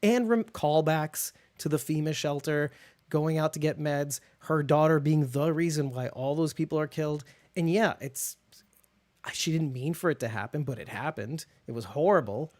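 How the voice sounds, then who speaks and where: A podcast co-host chatting through a TV episode recap. The speaker sounds eager and keyed up, with words piling on quickly. The voice sits at an ordinary middle pitch. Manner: excitable, talks fast when worked up. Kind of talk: casual TV recap chat.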